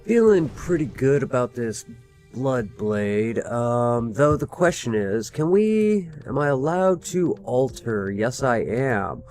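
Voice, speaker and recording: A man's voice: medium pitch, very animated, slow pace, a little mellow, soft background music. A man casually commentating his own gameplay, thinking aloud with plenty of fillers and restarts. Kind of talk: casual let's-play commentary.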